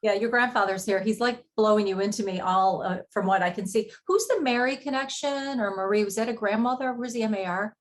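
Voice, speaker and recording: A woman hosting a show as a psychic medium, asking quick probing questions in a chatty live reading. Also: medium pitch. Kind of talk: relaying messages in a live reading.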